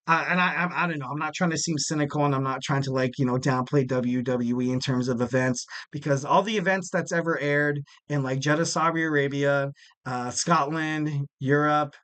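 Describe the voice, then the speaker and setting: A man's voice: on the high side, fairly bright tone. Jokey, rambling podcast host, a man. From West Coast of the United States. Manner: rambling, jokey, lots of fillers. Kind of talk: casual solo podcast chat.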